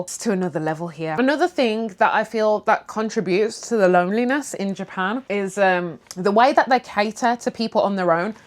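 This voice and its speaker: Young woman from the uk just chatting over tea, frank, swears a bit, acts out what people said. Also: mid-range voice. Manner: candid, animated, swears casually, acts out quotes. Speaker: vlogger. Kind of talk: casual sit-down chat over tea.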